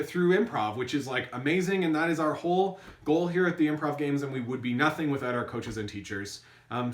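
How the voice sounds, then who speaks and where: A man's voice: a little high, reverberant, distant mic. A man hosting an online improv tournament from his apartment, chatting casually with lots of fillers and restarts while thanking people and reading out scores. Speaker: host announcing tournament scores. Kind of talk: casual online awards announcement.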